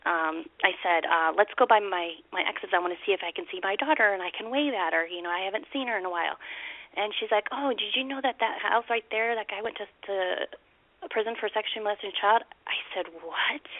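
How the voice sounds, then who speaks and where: A woman telling a painful story about her child on a podcast call, speaking haltingly with many restarts and acting out the quoted dialogue. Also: medium pitch, no echo. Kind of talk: emotional personal account on a call-in podcast. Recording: dry tinny phone line.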